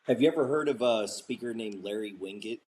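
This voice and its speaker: Husky-voiced male interview host. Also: fairly low pitch, fairly quick. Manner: relaxed, asks questions conversationally. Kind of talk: casual interview questions.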